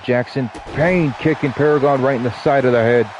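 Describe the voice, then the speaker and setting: A man's voice: medium pitch, brisk, highs cut off, noisy background. A man with a stuffy nose doing casual wrestling play-by-play commentary, dropping joking asides between his calls.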